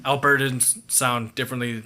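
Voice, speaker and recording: A man's voice: mid-range voice, little pitch movement, moderate pace, pushed and bright. A man from Canada in casual podcast chat, swearing freely and telling stories. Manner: swearing, storytelling. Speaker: podcast guest.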